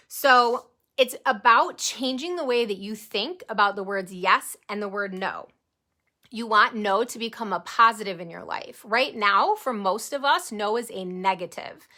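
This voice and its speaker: Woman, 40s, sales team leader on a live stream: bright, pushy energy, slightly high, chatty. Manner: energetic, chatty, talks to viewers directly. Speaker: network marketing team leader. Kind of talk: live motivational team training.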